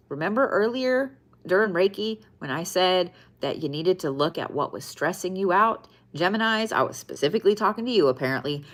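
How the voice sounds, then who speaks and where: Low-voiced woman giving blunt zodiac readings. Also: a bit bright. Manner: blunt, swears often, repeats phrases for emphasis. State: tired, yawning. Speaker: zodiac and tarot reader. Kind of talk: casual weekly zodiac card reading.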